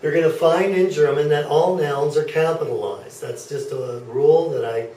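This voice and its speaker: A man's voice: on the high side, moderate pace, warm tone, a little hiss or hum. A man teaching a German class, patiently explaining and checking in with students as he goes. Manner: patient, checks in with frequent okays. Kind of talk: classroom lecture. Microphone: far camera. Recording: echoey classroom from far off.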